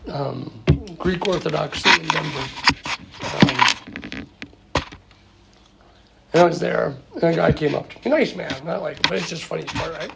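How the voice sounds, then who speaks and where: A man's voice: fairly high pitch, a little slow, vocal fry, pauses often, very noisy. A man giving an informal talk and answering questions, rambling and full of anecdotes. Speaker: guest speaker answering questions.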